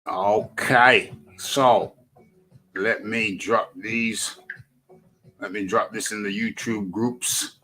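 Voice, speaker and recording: Slow-talking northern English man hosting a livestream. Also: fairly low pitch, steady tone, bright, forceful tone, low-quality recording. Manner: repeats phrases, talks to himself while fiddling with settings. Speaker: host of a boxing talk livestream. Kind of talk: casual livestream setup chatter.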